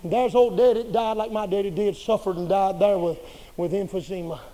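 A man preaching a sermon in a folksy, humorous and colloquial way, swinging between quiet asides and loud bursts. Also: sits high, fairly even intonation, brisk, poor audio.

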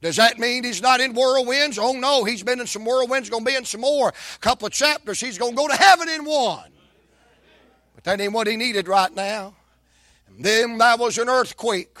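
A man preaching a sermon, folksy and dramatic, swinging from shouts to whispers. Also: extremely high pitch, normal speed, no room sound, clean studio sound.

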